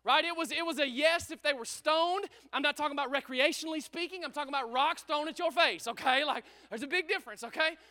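High, bright-voiced pastor preaching. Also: male voice, quick pace, hardly any pauses. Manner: energetic, repetitive, calls out to congregation. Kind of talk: sermon. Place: church service.

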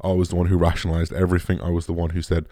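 A young man talking candidly and emotionally to his viewers, halting often, restarting sentences and swearing. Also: low voice, completely flat delivery, mellow, dry recording, clean studio sound. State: emotional, shaken. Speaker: vlogger. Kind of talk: candid personal talk to camera.

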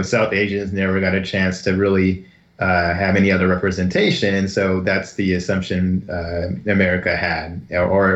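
Deep-voiced man on a roomy podcast. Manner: talks through points with fillers, easy laughs. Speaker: podcast co-host. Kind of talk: casual chat. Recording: roomy, dull lo-fi audio.

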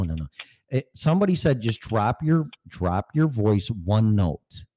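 A podcast host with a lowish, dark-toned voice chats casually, blunt and swearing freely, and laughs often. He records on a home studio mic through a small mixer.

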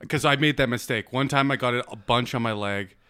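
Bright-voiced young man joking crudely. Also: medium pitch, fairly quick, smooth. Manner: laughs often, crude joking. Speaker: podcast co-host. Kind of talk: casual podcast banter.

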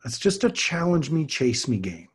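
A husky middle-aged man talks earnestly through a podcast monologue and shifts his voice to act out kids and parents. His pitch sits in an ordinary male middle range. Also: very animated, normal speed. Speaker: podcast host, parenting coach and martial arts teacher.

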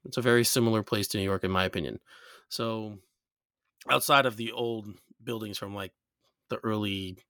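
A man's voice: lowish voice, fairly even intonation, normal speed, sharp tone, clean tone, dry recording, clean studio sound. An American man hosting a podcast, chatting casually with many fillers and restarts. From United States. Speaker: podcast host. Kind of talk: casual chat. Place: New York.

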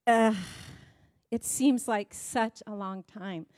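Woman preaching with dramatic loud-soft swings. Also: on the high side, slow, dry recording. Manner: dramatic swings between loud emphasis and soft quiet passages; repetitive, building cadence. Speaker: preacher, pastor's wife. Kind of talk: sermon.

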